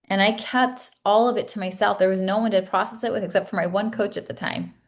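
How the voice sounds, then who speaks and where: A woman coach in her thirties, leading a masterclass, shares an earnest personal story with raw emotion, at times tearful. She speaks quickly in an ordinary medium-pitched voice, often stopping to restart a thought.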